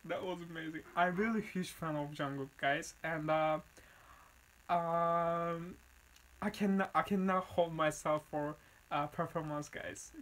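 A reaction video host with an Arabic accent and Arabic as a native language, gushing about a song in halting English full of fillers. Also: medium pitch, rough recording. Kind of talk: excited music reaction vlog.

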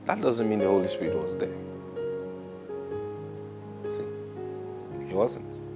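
A man preaching a Bible study sermon, animated, acting out quoted voices and laughing often. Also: on the low side, slow, faint music behind.

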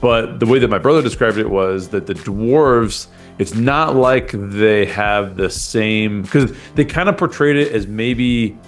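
A man with a fairly low voice talks in an easygoing, rambling way as a co-host, piling on fillers and restarts. He speaks into a desk microphone, with soft music underneath. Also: a little slow, hardly any pauses. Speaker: podcast co-host. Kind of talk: casual chat. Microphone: desk microphone after switching from a headset mic.

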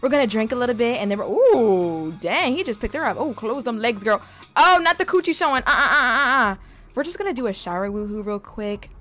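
A young woman giving casual, slangy gameplay commentary, talking straight to her game character and breaking into excited exclamations. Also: a little high, fairly quick, faint music behind. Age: young adult. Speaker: gaming video host.

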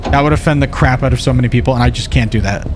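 A young man playing a video game live, chatting and joking with his viewers and reacting loudly to what happens on screen. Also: mid-range voice, very fast, noisy background. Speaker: streamer. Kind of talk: let's play commentary.

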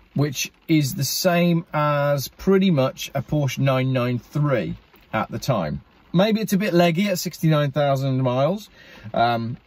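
A man's voice: mid-range voice, a little mellow, dry recording. A man hosting a car channel, chatting casually and enthusiastically while speaking directly to viewers. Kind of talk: casual talk to camera.

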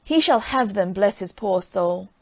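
A woman's voice: mid-range voice, lively intonation, a little slow, darkish tone. A woman voicing a gullible, chattering farmer's wife in a storybook reading. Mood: fussy. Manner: fussy, exclaiming.

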